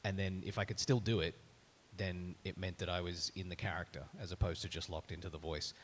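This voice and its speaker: An Australian man speaking as a voice actor on a live panel. He tells stories in a candid, self-deprecating way. His voice sits a little low. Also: little pitch movement, a little fast, a little hiss or hum.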